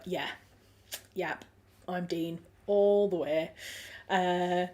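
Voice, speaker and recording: A woman with a Yorkshire accent hosts a relaxed livestream, chatting to viewers in an easy, friendly way. She thinks aloud, restarting sentences and filling gaps with ums. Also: lowish voice, very slow, long pauses. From Yorkshire, England. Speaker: livestream host. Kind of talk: casual chat reading viewer comments.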